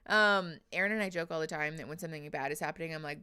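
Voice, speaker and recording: A woman's voice: sits low, fast, pushed and bright, smooth. A woman hosting a casual livestream, chatty and emotional, reading viewers' names aloud with frequent laughs. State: teary after crying. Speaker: livestream host.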